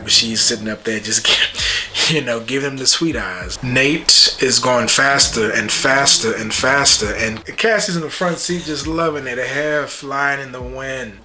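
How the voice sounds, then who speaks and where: A man giving a casual, joking recap and reaction to a TV episode, animated and full of slang. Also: medium pitch. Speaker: YouTube TV reviewer.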